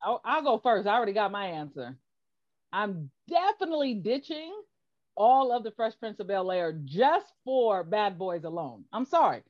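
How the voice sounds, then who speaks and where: A woman's voice: mid-range voice, sing-song, normal speed. Female panelist, blunt, emphatic, muffled lo-fi audio. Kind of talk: casual chat.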